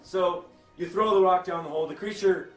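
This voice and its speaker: A young man narrating a tabletop game as game master, stumbling over restarts and fillers. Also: high-pitched. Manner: halting, many restarts and fillers. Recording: echoey room with faint music.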